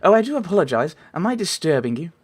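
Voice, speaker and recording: A man's voice: fairly high pitch, big pitch swings, fast talker, slightly rough, pitched above the performer's own voice. A man voicing a courteous, slightly flustered Victorian doctor, dubbing a silent game cutscene. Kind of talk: amateur dub over a silent game cutscene.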